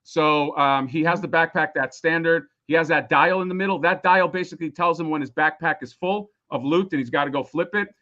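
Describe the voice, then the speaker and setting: Hoarse, rambling high-voiced man. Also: fairly quick, few pauses, bright, forceful tone, lo-fi sound. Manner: rambling, swears a lot, many restarts. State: losing his voice. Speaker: toy designer presenting a crowdfunding campaign. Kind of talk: casual live-stream chat.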